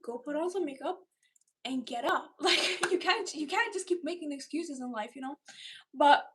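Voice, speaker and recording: A woman's voice: high voice, fairly bright tone. A young woman, chatting casually with viewers on a livestream. She rambles in a chatty way, fills her talk with "like" and laughs often. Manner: chatty and rambling, with many "like" fillers and frequent laughs. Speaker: livestream host.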